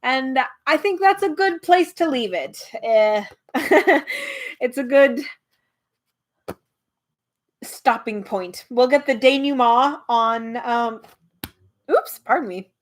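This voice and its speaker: A woman's voice: sits high, expressive, slow, long pauses. A woman hosting a live read-aloud, narrating a storybook with animation and chatting casually with viewers; her voice is a little tired. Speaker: host reading a book aloud.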